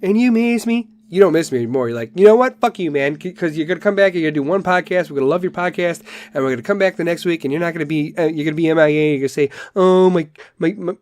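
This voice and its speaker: A man's voice: a little high, racing, few pauses. A man hosting a casual solo podcast, ranting in a rambling, profane way and telling dad jokes. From Chicago area. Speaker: podcast host.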